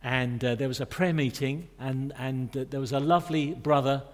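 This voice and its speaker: Delivering a sermon in a church, a middle-aged man speaks with a mid-range, steady voice at a moderate pace. Between points he chats and trades jokes with the congregation, and the hall's long reverb carries his words.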